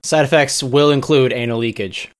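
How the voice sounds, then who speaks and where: A man on a casual podcast panel who drops crude jokes in a dry, deadpan way. His voice sits in an ordinary middle pitch. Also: normal speed, clean tone. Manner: deadpan crude one-liners. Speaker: podcast co-host.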